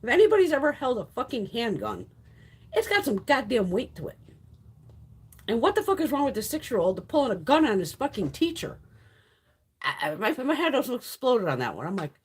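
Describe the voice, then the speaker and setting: A woman's voice: a little high, huge pitch swings, a little fast, husky. A woman hosting a casual live stream chat, ranting with frequent swearing and laughing often. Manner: profane, ranting, exasperated.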